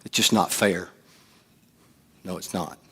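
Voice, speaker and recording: A middle-aged man, preaching a sermon as pastor, swinging from hushed asides to loud, animated delivery. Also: low-pitched, slow pace, slightly rough, in a large hall.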